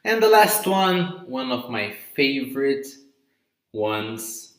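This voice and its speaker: Male teacher, live vocabulary lesson, very slow and deliberate, pronunciation drills, roomy echoey recording. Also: mid-range voice, big pitch swings. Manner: drills pronunciation, checks in with "okay?" and "right?". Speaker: English teacher. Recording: roomy echo.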